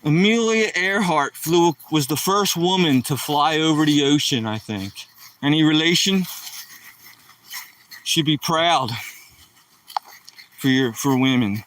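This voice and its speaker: A man's voice: a little high, slow pace, pauses often, fairly bright tone. Hyper east coast streamer guy rambling outside, voice kinda far from the mic. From East Coast of the United States. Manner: hyper, talkative, jokey. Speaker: live streamer. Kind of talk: casual live-stream chat. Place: outdoors, walking around.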